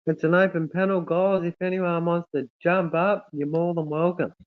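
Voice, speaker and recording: Aussie guy hosting a livestream, sounds tinny like a phone, kinda high voice, keeps saying mate and brother. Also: level tone, normal speed. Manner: warm, effusive, calls everyone mate and brother. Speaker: livestream host. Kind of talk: casual livestream chat reading comments.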